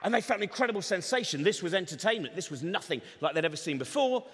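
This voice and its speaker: High-voiced comedian in a big hall. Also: male voice, quick pace, husky. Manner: rambling, energetic, sardonic asides. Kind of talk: stand-up comedy talk on stage. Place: large event hall. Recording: long reverb of a large hall.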